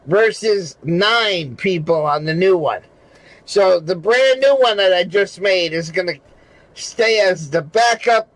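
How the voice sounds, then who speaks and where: A regular show panelist, a man with a high, animated voice, chats casually on a livestream at a measured pace. He rambles, swears, laughs between phrases and keeps coming back to the same point over and over. The audio is poor, with no echo.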